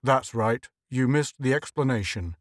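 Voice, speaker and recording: A man reading the lines of curt police officers who question in a flat, clipped way, in an audiobook reading. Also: mid-range voice, a little slow, no room sound, clean studio sound, close to an everyday voice.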